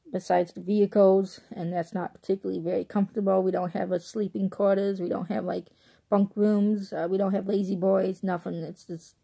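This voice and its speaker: A young woman from the Chicago suburbs in Illinois vlogs a chatty, casual movie review into her phone, rambling and laughing often. Her medium-pitched voice is gravelly, husky, and dark in tone.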